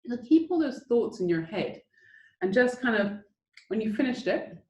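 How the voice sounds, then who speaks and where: A woman's voice: on the high side, big pitch swings, moderate pace, mellow, roomy sound, poor audio. Chatty woman hosting a tasting. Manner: chatty, enthusiastic, coaching listeners step by step. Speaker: whisky tasting host. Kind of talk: casual guided tasting on a video call. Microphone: video call.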